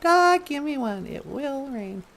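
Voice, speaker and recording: A woman hosting a comedic talk show in an easygoing, playful manner. Her voice is high with a gravelly fry, and she speaks unhurriedly, drawing out her words. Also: animated, takes it slowly, a bit bright. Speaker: host.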